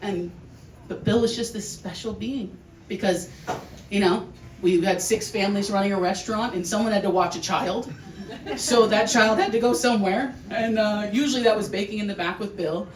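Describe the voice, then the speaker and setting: A woman giving a heartfelt memorial speech for her uncle, emotional and halting, with restarts and laughs. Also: mid-range voice. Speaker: family member giving a eulogy. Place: large hall with an audience. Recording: echoey room, distant mic, noisy.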